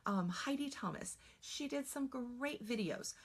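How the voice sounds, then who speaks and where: A woman's voice: on the high side, lively intonation, measured pace. A woman spelling trainer teaching patiently during a live online Q&A, with frequent fillers, recorded in a home setup.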